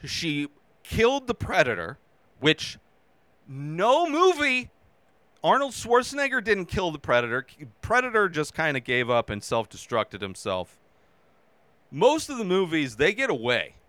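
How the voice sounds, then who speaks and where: A man hosting a casual movie review show, talking animatedly and acting out his own reactions with sudden shouts. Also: on the high side, huge pitch swings, unhurried, no echo.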